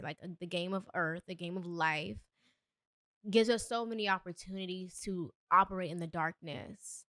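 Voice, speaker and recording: A woman's voice: on the low side, sharp tone, no room sound, clean studio sound. A young adult woman hosting a solo podcast, talking earnestly and a bit preachy, with emphatic bursts. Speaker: podcast host. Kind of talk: solo motivational podcast talk.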